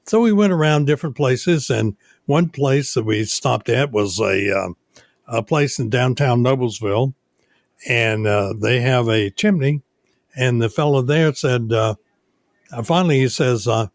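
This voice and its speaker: Older man telling stories slowly, dry sound. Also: mid-range voice, dry recording. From United States. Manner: unhurried storytelling, many "uh" pauses. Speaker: guest, radio station owner. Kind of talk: casual interview chat.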